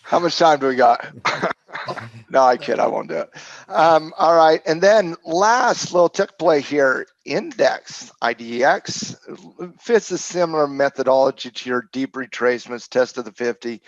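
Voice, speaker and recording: A man co-hosting a trading show as a coach, talking casually about charts in a joking, halting way with many restarts. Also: fairly high pitch, animated, vocal fry, no echo, highs cut off. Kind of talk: casual market chat.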